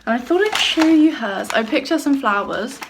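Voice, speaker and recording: A woman's voice: high-pitched, lively intonation, normal speed. A young woman chatting casually to camera in her bedroom, bubbly and gushing. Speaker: vlogger. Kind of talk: casual vlog chat. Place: bedroom at home. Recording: roomy home recording with faint noise.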